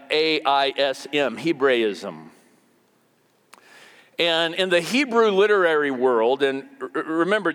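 A man's voice: a little high, fairly bright tone, big-room sound. A man preaching a sermon as pastor, conversational and repeating words for emphasis.

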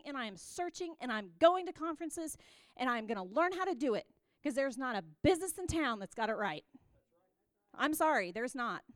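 High, earnest woman giving a church talk. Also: no echo, studio quality. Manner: earnest, exhorting, repeats phrases, laughs between lines. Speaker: church speaker. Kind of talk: sermon-style teaching.

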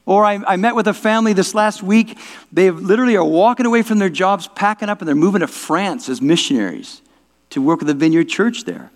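This pastor's voice sits high and sounds animated, moving a little fast through an informal sermon. He keeps restarting words and asking if it makes sense, his speech echoing with the long reverb of a big hall.

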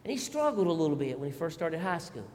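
A middle-aged male pastor, telling family stories in an animated, folksy sermon with asides to the congregation. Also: a little high, fast talker, big-room sound, slight background noise. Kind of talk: storytelling sermon.

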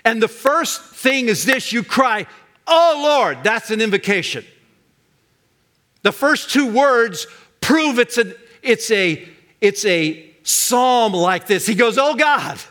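Delivering his sermon slowly, an older pastor uses a high, bright voice and strong emphasis. On key words he swings upward into loud, ringing cries.

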